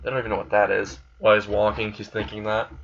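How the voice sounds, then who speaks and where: A man's voice: fairly low pitch, flat delivery, quick pace, vocal fry, a bit bright. A man casually retelling a fan what-if story in a rambling, crude way. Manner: rambling, crude, laughs at his own plot. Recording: slightly dull recording with faint hiss.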